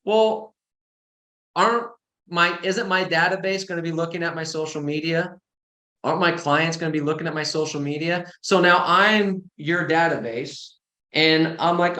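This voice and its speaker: A man giving an informal training talk as a real estate coach, blunt and animated, with sarcastic asides. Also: fairly high pitch, normal speed. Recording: roomy echo.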